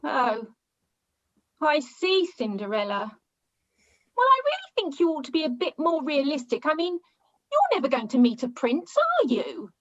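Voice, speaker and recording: A woman's voice: high voice, wildly swooping pitch, moderate pace, fairly bright tone, lo-fi sound, full character voice. A woman playing a cheerful, lovesick male servant in an amateur pantomime, gushing earnestly. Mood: deflated.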